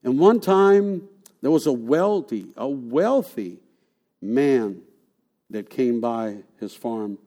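A man preaching a sermon in an animated way. He asks rhetorical questions and repeats words for emphasis. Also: medium pitch, slow. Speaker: pastor.

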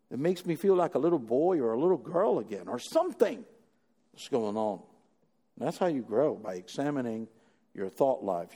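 A man preaching a sermon, animated, using rhetorical questions and building to emphatic peaks. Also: medium pitch. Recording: long echoey hall reverb.

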